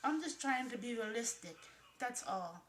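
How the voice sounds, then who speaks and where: A woman's voice: on the high side, animated, normal speed, fairly bright tone. A woman reading a guarded young male musician. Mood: dismissive. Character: young adult male musician, evasive, defensive. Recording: roomy, faintly noisy room.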